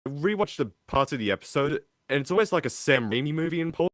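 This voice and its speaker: A man's voice: on the high side, lively intonation, fast, a bit bright, no echo, clean studio sound. A man co-hosting a podcast, talking in a rambling casual way with many restarts and fillers. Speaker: podcast co-host. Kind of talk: casual chat.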